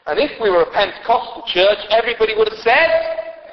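Male pastor, high voice, lively sermon with jokes, dull reverberant church recording. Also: a little fast. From Britain. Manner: lively preaching with humorous asides to the congregation. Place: church hall with long reverb.

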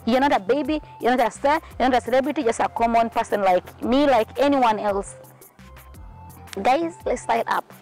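Lady vlogger ranting at the camera, sweaty and hot, high pitched, blunt and emphatic. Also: moderate pace, a little mellow, soft background music, poor audio. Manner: outspoken, scolding and emphatic. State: sweating in the heat. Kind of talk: casual vlog rant.

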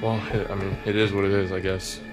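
Man playing a young male camp counselor, wry, low-key, game score behind. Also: flat delivery, fast, over music, close to an everyday voice. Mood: dry. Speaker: video game character.

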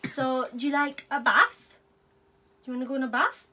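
A woman's voice: high voice, moderate pace, noisy background. A young woman vlogger chatting playfully with her dog, slipping into baby talk and laughing often. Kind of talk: casual chat with her pet.

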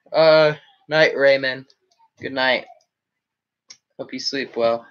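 A man's voice: medium pitch, measured pace, pauses often, a bit bright, dull audio. A man chatting casually on a live stream, rambling as he reacts to chat comments. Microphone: webcam setup.

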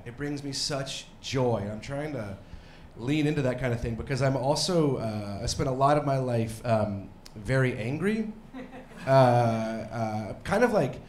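A man's voice: mid-range voice, a little hiss or hum. Rambling man doing stand-up in a roomy club. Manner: rambling, self-deprecating, bursts into mock yelling. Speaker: stand-up comedian. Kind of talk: stand-up comedy set. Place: comedy club stage. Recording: roomy club with faint crowd ambience.

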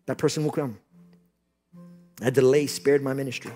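Male preacher, conference sermon, joking then fervent, mid-pitched voice. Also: steady tone, normal speed, soft background music. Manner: swings from joking asides to loud impassioned exhortation. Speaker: pastor. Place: conference hall.

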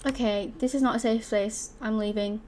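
A young woman hosting a gaming channel, giving excitable live commentary with loud exclamations as she plays. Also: on the high side, normal speed, slight background noise.

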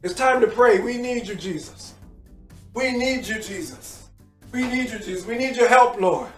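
High-voiced man pleading in prayer. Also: normal speed, recorded from a distance. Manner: pleading, repetitive prayer calls, rising to shouts. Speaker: preacher leading prayer. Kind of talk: impassioned prayer sermon. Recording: echoey room with music behind, off-mic.

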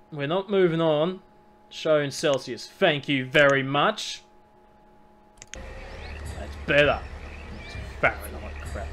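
A man's voice: medium pitch, moderate pace, long pauses, fairly bright tone, slight background noise. An Australian man rambling through a game tutorial in casual commentary, reading the on-screen text aloud and swearing now and then. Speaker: gameplay commentator. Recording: music playing under the voice.

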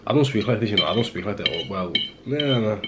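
Young lad vlogging at home, kinda low voice, rambly and jokey, noisy hiss behind. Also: male voice, animated, quick pace. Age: young adult. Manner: rambling, self-mocking, lots of fillers and restarts. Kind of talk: casual rambling vlog chat. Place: at home indoors.

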